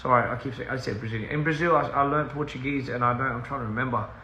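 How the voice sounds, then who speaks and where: A man's voice: mid-range voice, racing, bright, forceful tone, reverberant, a little hiss or hum, poor audio. A man chatting casually to viewers on a livestream from his house, rambling, easily sidetracked, laughing often and slipping in Korean and bits of other languages. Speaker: recording artist on a livestream. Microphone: phone livestream.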